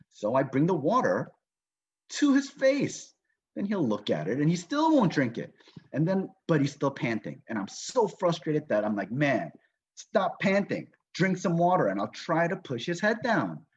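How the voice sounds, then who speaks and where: Speaking in a slightly rough, mid-range voice, a man leads a motivational business training session on a video call from home in Las Vegas. He tells a story and voices the quotes of the people in it, all over dull, lo-fi call audio.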